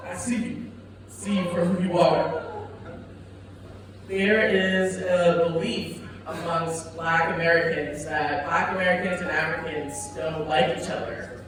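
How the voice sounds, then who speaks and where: A woman's voice: fairly low pitch, steady tone, unhurried. A woman doing a stand-up set in a comedy club, with a brash, profane, punchy delivery. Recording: echoey club heard from far off with noise.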